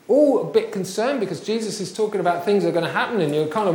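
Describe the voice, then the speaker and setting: A man's voice: high-pitched, animated, fast, darkish tone, echoey room. A man preaching a sermon, chatty and full of rhetorical questions. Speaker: pastor.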